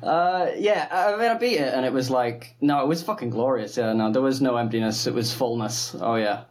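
A man's voice: mid-range voice, a little fast. A man chatting casually as a guest, laid-back, with lots of fillers and laughter. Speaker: guest gamer. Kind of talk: casual group chat.

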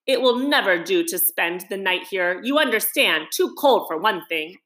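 A woman voicing a good-natured, practical male water rat in a storybook reading, brisk and coaxing. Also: medium pitch, lively intonation, fairly bright tone, natural voice. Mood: brisk, kindly.

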